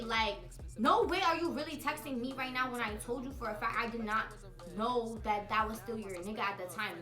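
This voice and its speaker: A woman's voice: fairly high pitch, fairly quick, echoey room. Slangy young woman telling a story. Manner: slangy, animated storytelling with asides to viewers. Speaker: vlogger telling a story time. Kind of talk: casual story time.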